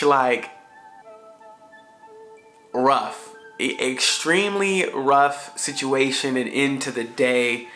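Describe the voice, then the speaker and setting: Bright-voiced man telling a story casually. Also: mid-range voice. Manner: slangy, conversational, frequent fillers. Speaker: father vlogger.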